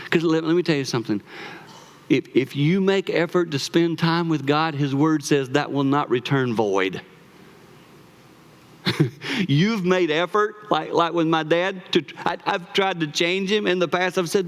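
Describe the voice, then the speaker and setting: A man in his fifties preaching in church, animated as he tells personal stories, often repeating words and laughing. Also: a little high, moderate pace. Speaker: pastor.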